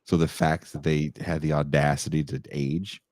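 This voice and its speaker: A man's voice: very deep voice, flat delivery, normal speed, darkish tone, no room sound. A man co-hosting a podcast in casual chat, swearing freely, laughing often and acting out quotes. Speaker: podcast co-host. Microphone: desk mic with sound board.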